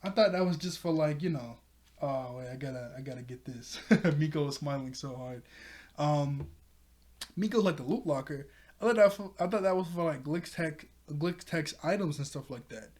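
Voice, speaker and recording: A man giving a casual review of a cartoon episode, talking in a chatty way with frequent laughs and self-corrections. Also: moderate pace. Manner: chatty, laughs often mid-sentence; jumps higher and louder when quoting characters. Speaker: show reviewer.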